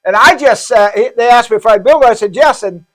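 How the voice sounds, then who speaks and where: A man's voice: very high voice, fairly bright tone. A man, a pastor, telling a story in a casual interview, stumbling and repeating words and acting out the lines of others. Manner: halting, repeats words, acts out quoted dialogue. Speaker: pastor, shelter founder.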